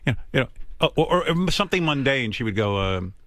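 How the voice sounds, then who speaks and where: An American man hosts a talk show, dryly poking fun at himself as he tells his stories. His voice sits at an ordinary middle pitch, and he slips into other people's voices when he quotes them. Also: very animated, fast, a bit bright, no room sound, clean studio sound. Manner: wry, self-mocking anecdotes, mimics others in quotes. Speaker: radio show host. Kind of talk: casual comic storytelling.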